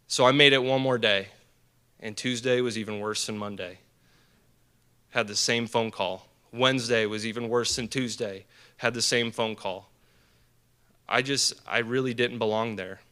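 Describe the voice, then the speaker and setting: A young man giving an earnest, animated personal story as a speaker at a team dinner, with many fillers and restarts. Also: mid-range voice, unhurried, long pauses, clear, resonant tone. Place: banquet hall.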